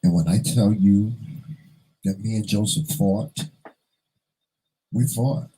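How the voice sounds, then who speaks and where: A man's voice: lowish voice, fairly even intonation, measured pace, warm tone, husky, poor audio. A man vlogger telling a personal story in an earnest, emotional way, fighting back tears and repeating phrases for emphasis.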